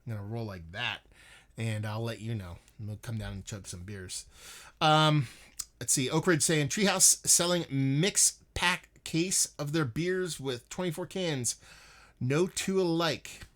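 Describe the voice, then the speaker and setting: A young man chatting loosely on his beer livestream, his voice sitting in an ordinary middle pitch. He rambles and swears freely, stopping now and then to read out and answer viewer comments. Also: unhurried, a bit bright. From northeastern United States. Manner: profane, rambling, reads out chat comments. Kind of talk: casual livestream chat.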